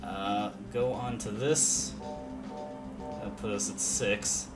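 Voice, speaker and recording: This is a young man with a fairly low, steady voice, talking slowly as a let's play commentator. He casually remarks on the game he's playing, thinking aloud with many fillers and jokes at his own expense, over faint game music.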